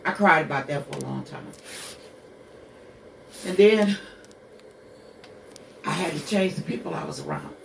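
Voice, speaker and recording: A woman's voice: low-pitched, huge pitch swings, unhurried, creaky, pauses often, roomy sound, far from the mic, slight background noise. A woman in her sixties hosting a radio show, telling her own hard story bluntly, with curses and rhetorical questions. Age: 60s. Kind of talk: candid personal monologue.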